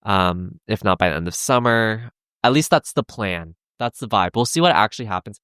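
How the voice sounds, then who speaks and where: A young adult man hosting a solo podcast, talking earnestly in a halting way with many restarts and fillers. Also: on the low side, lively intonation, a bit bright, clear, resonant tone, dry recording, studio quality. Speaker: podcast host. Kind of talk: solo confessional podcast talk.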